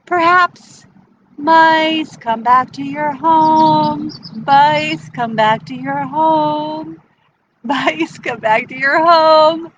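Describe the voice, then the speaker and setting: A woman voicing a smooth, sly fox who talks in a gentle, sing-song way. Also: sits high, big pitch swings, slow pace, muffled recording, a little hiss or hum, exaggerated voice.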